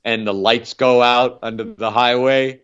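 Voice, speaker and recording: A man's voice: medium pitch, steady tone, normal speed, a bit bright, clear, resonant tone, dull audio. A man co-hosting a casual film podcast, enthusiastic and rambling as he recalls scenes. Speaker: podcast co-host.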